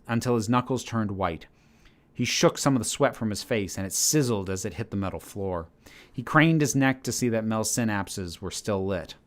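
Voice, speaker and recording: A man narrating a story aloud in a steady, measured reading manner. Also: fairly low pitch. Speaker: channel host reading his story. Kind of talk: audiobook-style story narration.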